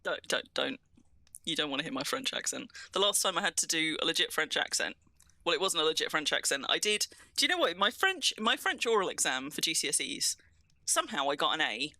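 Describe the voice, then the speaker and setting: A woman's voice: low voice, big pitch swings, fairly quick, sharp tone, no room sound. A woman with a southern English accent, chatting casually and rambling with self-mocking humour while streaming a game. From southern England. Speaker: streamer, co-host. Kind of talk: casual gaming chat.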